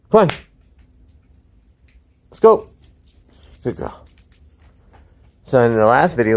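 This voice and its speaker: A man's voice: on the low side, a little mellow. A man talking casually to camera outdoors about training his dog, explaining at length with frequent restarts. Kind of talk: casual instructional talk to camera. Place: outdoors, by a fenced yard.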